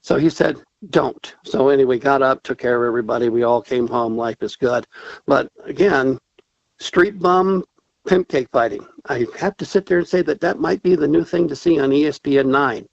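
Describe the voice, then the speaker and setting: A man's voice: medium pitch, normal speed, creaky, dry recording, muffled recording. A man calling in to a talk show, telling a story casually and animatedly, acting out the voices he quotes. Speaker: caller.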